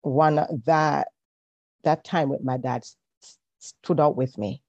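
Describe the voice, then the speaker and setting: A woman, a podcast guest telling a personal faith story in a reflective, hesitant way with frequent pauses. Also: low-pitched, steady tone, a little mellow, no echo. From Jamaica. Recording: dull, lo-fi recording.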